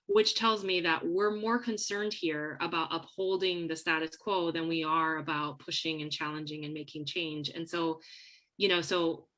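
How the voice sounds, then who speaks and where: A woman's voice: low-pitched, fairly even intonation, moderate pace, a bit bright. A woman guest on a podcast interview, speaking earnestly and encouragingly in a casual chat.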